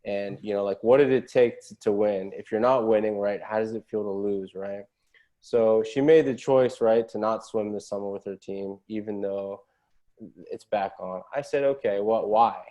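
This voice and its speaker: A podcast guest tells a story in casual fashion, earnest and motivational, often closing phrases with a questioning "right?". His voice is on the low side and mellow, with fairly even intonation at a normal speed.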